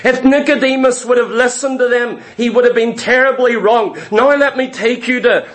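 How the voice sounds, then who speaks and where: At a normal speed and in a steady, slightly bright tone, a preacher with a strikingly high-pitched voice gives an emphatic sermon, repeating central phrases and posing rhetorical questions to those listening.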